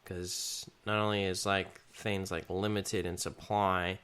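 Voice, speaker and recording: A man with a lowish, smooth voice talks loosely through a gaming podcast. He circles his points, restarts sentences and leans on fillers as he goes. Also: little pitch movement, takes it slowly, a bit bright. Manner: rambling, many restarts and fillers. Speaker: podcast co-host. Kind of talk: casual gaming chat.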